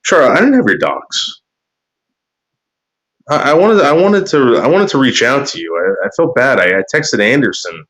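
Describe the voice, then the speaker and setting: A man's voice: medium pitch, sing-song, normal speed, a bit bright. A man rambling to his chat on a livestream, cursing often and repeating words as he starts his sentences. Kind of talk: rambling casual stream chat.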